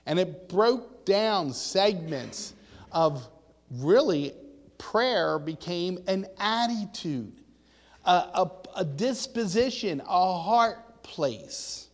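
A man's voice: sits high, expressive, very slow, in a large hall. A man preaching a sermon in a conversational, storytelling way, asking his listeners questions.

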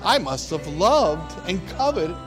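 A suffering righteous man cries out in anguish, wailing and pleading, as a male preacher acts him out. The voice climbs very high and stretches each word. Soft music sits behind him. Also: big pitch swings, slow, heavily acted. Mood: dawning.

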